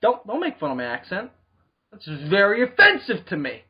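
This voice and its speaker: A man's voice: high voice, huge pitch swings, fairly quick, breathy edge, muffled recording, full character voice. A man voicing a brash, time-traveling Doctor with a Brooklyn accent, making tough-guy threats in a comedy podcast bit. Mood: indignant.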